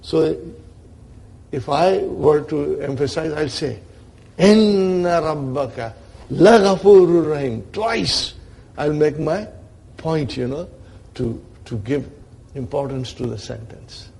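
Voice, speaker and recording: A man's voice: on the high side, slow, vocal fry, a little mellow, breathy edge. A man teaching an Arabic grammar lesson to a class, checking in with his students often and acting out the grammar as characters.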